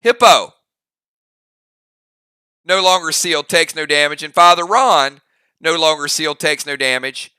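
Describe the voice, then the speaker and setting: Bright, crisp game-master man. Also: on the high side, no echo, clean studio sound. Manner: upbeat, drawn-out play-by-play calls. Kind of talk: live game narration and commentary.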